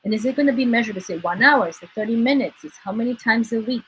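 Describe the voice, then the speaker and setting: A woman's voice: on the high side, fast, fairly bright tone, slight background noise, rough recording. Earnest woman coaching a live workshop. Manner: earnest, encouraging, repeats words for emphasis. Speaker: life coach leading a workshop. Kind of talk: live-streamed workshop talk. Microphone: livestream mic.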